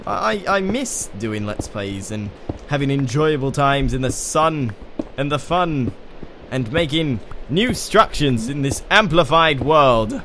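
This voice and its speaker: A man's voice: mid-range voice, expressive, slow, noisy background. An Australian man with a put-on British accent, chatting his way through a video game and talking to the creatures in it. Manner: chatty, rambling, talks to game mobs. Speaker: let's play host. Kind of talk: gaming commentary. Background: keyboard typing and clicks.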